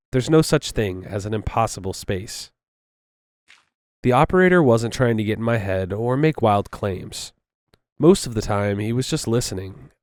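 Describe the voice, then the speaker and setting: A man reading a horror story aloud in a measured way. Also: fairly low pitch, a little mellow, no room sound. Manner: measured, with casual asides. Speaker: story narrator.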